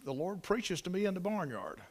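A high-pitched man, telling a barnyard story with a folksy drawl. His voice swoops up and down a lot as he spins it out like a preacher. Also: fairly quick. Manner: folksy, animated, drawling country talk.

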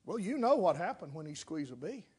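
A high-voiced male preacher giving a sermon. He tells his illustration with drama, building to loud, fast passages and dropping to near-whispers. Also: big pitch swings, slightly rough. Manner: dramatic storytelling, swings between loud and hushed.

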